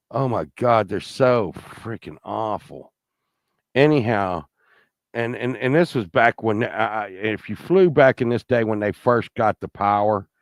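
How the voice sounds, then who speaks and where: A man spins a long, rambling anecdote, swearing freely and restarting his sentences. He slips into other people's voices as he tells it, at a middling pitch, and the sound is dry and close. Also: no room sound. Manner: profane, rambling, many restarts; acts out other people's lines. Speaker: storyteller.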